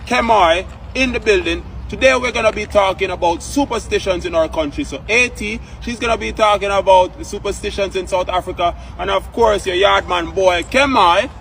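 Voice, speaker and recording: Jamaican male co-host, high-pitched and bouncy, mic set back with faint traffic outside. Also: normal speed, gravelly, hardly any pauses, recorded from a distance, rough recording. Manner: energetic, playful with sound effects. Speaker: co-host of a video. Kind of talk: upbeat casual video intro.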